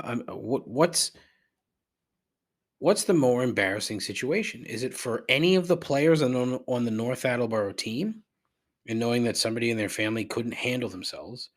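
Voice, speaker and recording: A middle-aged man hosting a podcast, rambling through a profane rant that climbs in pitch when he gets riled. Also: expressive, moderate pace. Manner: rambling and repetitive, swears freely, rises in pitch when riled. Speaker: podcast host. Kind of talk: casual profane ranting monologue.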